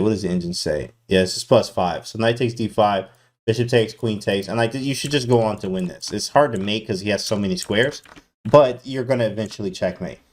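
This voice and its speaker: Slangy male chess streamer, hyped, talks to chat, lowish voice. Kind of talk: live-stream chess commentary.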